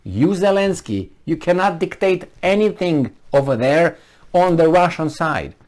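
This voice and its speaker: A man's voice: a little high, animated, measured pace, darkish tone. A man hosting a solo commentary vlog, talking emphatically with rhetorical questions and frequent restarts. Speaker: channel host.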